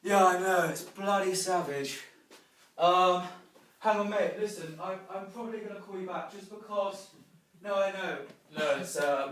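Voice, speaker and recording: A man's voice: a little high, fairly bright tone, lightly acted. A man playing a posh young man who chats chummily on his phone, in a stage comedy. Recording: roomy sound from a distant mic.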